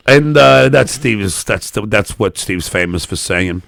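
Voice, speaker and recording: A middle-aged man rants in a loud, sarcastic, profane way, his bright, forceful voice riding high and swooping widely. A gravelly fry runs under it, and the sound is close and dry. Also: animated, a little slow, no echo. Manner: loud, profane, sarcastic, swinging between shouting and mumbling. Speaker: interview guest, comedian. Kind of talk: profane political rant and casual chat.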